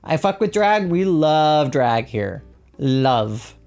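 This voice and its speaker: A woman with an unusually low voice chats loosely on a live stream while she plays. She rambles, answers chat and talks to someone off-mic. Faint music hums behind her. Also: sing-song, slow, a little mellow. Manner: chatty, rambling, reads chat aloud.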